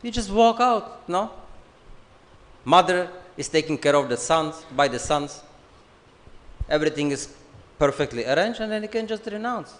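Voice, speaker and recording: A man giving an unhurried, joking scripture class, acting out bits of family dialogue. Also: fairly high pitch, expressive, a bit bright. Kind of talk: sermon. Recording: long hall reverb.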